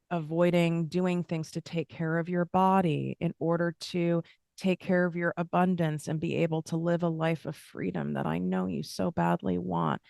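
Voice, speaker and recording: Woman, self-help host; earnest, repetitive affirmations; smooth, dry close sound. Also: lowish voice, a little mellow, dry recording. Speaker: host and money coach. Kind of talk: motivational self-help talk.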